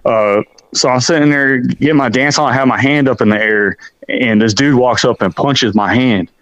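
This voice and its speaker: A man's voice: mid-range voice, moderate pace, no echo. A man in his forties, a podcast guest telling a rowdy story in a casual, profane way and calling the listener "bro" again and again. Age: 40s. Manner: animated, profane, keeps saying "bro".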